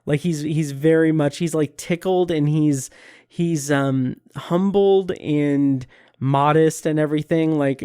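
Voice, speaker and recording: Gushing man, higher voice, dry sound. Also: steady tone, measured pace, darkish tone, clean tone, no echo. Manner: earnest and gushing, many fillers and restarts. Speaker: podcast host reviewing TV episodes. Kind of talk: casual solo review.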